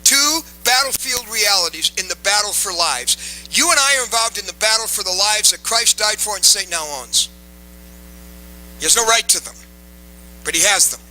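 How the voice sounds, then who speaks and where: A man's voice: high voice, expressive, moderate pace, bright, forceful tone, faint music behind, poor audio. A man preaching a sermon to a live audience, emphatic and repeating key phrases, coaxing the crowd to respond.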